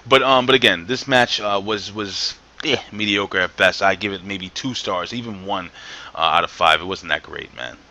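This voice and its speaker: A man's voice: low voice, moderate pace, pushed and bright. A man co-hosting a casual wrestling review, talking with enthusiasm and strong opinions, full of fillers and restarts.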